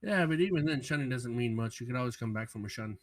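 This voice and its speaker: A man co-hosting a casual gaming podcast, teasing the others in quick banter. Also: mid-range voice, animated. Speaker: podcast co-host.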